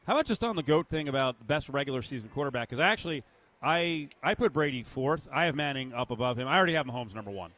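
A man's voice: mid-range voice, expressive, quick pace, fairly bright tone. A man in his fifties hosting a sports talk show, steering the chat with strong opinions. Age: 50s. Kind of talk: casual sports radio chat.

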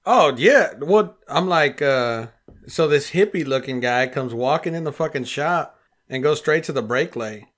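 A man's voice: on the high side, lively intonation, measured pace, a bit bright. Profane man telling a shop story. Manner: profane storyteller, acts out quoted people. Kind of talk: casual chat.

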